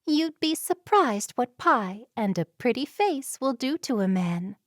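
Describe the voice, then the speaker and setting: A woman's voice: a little high, very animated, a little slow, no room sound, studio quality, pitched above the performer's own voice. A woman voicing a motherly Amish woman in an audiobook, speaking in a firm, knowing way.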